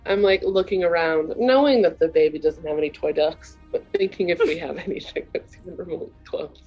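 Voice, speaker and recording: A woman playing in a tabletop role-playing game, excitable and quick to laugh. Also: on the low side, faint music behind. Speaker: player. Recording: dull lo-fi mic.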